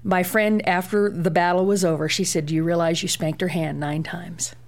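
A middle-aged woman, a guest parent, telling lively stories about raising her daughter on a talk show. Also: on the low side, normal speed. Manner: lively anecdotal telling with fillers.

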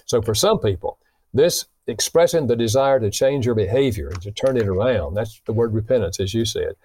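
Animated man teaching with stories. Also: on the low side, brisk, breathy edge. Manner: animated storyteller who acts out quoted dialogue; explains with illustrations, earnest. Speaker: guest author on marriage. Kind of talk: conversational teaching.

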